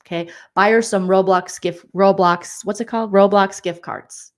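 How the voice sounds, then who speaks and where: A woman in her forties hosting a casual comedic recap of a reality show, reading viewer comments and making quick, joking asides. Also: mid-range voice, steady tone. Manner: chatty, jokey, quick asides and mock voices.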